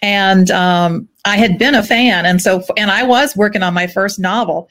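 A woman co-hosting a casual chat, speaking conversationally and pausing to search for words. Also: mid-range voice, fairly bright tone. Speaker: co-host, former newspaper journalist.

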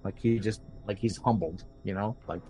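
A man's voice: on the low side, normal speed, warm tone, low-quality recording. Male podcast host, loose rambling recap, frequent fillers, faint music bed. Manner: rambling, many fillers, acts out quotes. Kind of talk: casual recap of a horror film.

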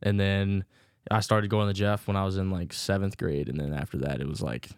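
A man's voice: low-pitched, fairly even intonation, brisk, clear, resonant tone, no echo, studio quality. A young man with a light Southern American accent, chatting casually as an interview guest and laughing often. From Virginia. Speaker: guest, baseball pitcher.

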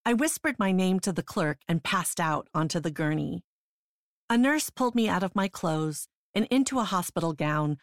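Female memoir narrator, sober and measured, low register, dry booth sound. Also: no echo. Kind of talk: first-person memoir narration.

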